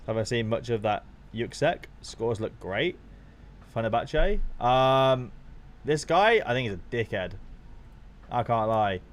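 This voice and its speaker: A young man in a lowish voice talks casually to his live stream audience as he watches football. He swears freely and gets worked up over the game.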